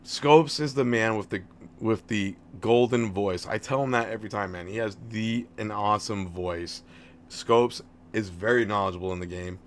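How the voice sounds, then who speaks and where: A man's voice: on the low side, normal speed, slight background noise. A man in his thirties chatting casually on a live stream about a game, friendly and rambling, often restarting his words. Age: 30s. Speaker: game livestreamer.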